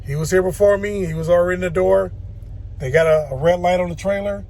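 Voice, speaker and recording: A man's voice: sits high, fast, a little mellow. A man driving a semi truck, talking casually in an easygoing, chatty way and laughing at himself. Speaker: truck driver. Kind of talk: casual vlog talk to camera.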